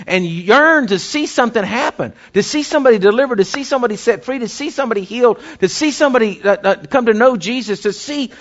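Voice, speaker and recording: A man's voice: very high-pitched, lively intonation, fast talker, few pauses. A man preaching a sermon, telling a story in a folksy, rambling way. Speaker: pastor. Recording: dull lo-fi recording.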